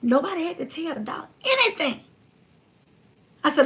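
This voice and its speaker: A woman hosting a livestream, talking bluntly and fiery, reading viewer comments and swinging from loud to hushed. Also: high-pitched, big pitch swings, normal speed, long pauses. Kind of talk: casual preachy livestream talk.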